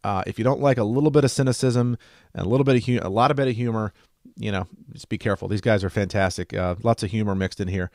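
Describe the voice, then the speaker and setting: Brief: male emergency medicine educator, lowish voice, chatty and upbeat, dry close sound. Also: fast talker, darkish tone, no echo. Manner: chatty and enthusiastic, light joking. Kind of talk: casual screen-share lesson.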